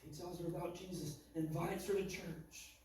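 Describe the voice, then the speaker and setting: A man preaching a sermon, telling a story dramatically, swinging between loud and hushed. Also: high-pitched, fairly even intonation, normal speed. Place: church sanctuary. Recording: echoey church from far off, faint noise.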